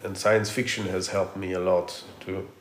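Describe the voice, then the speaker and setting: A man's voice: sits low, flat delivery, moderate pace, a little hiss or hum. A middle-aged man, an architect guest, chatting animatedly with frequent restarts. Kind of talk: casual conversational interview. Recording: roomy echo.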